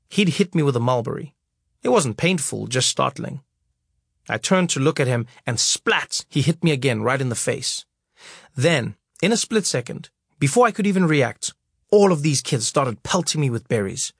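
A man's voice: mid-range voice, vocal fry, fairly bright tone, slightly rough, no echo. A man reading his memoir aloud, wry and storytelling, on a close studio mic. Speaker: narrator.

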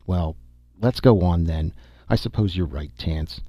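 A man's voice: deep voice, a little slow, dark tone, slightly rough, no room sound. A man doing an impatient, grim male explorer. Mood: wary. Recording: dull dry recording.

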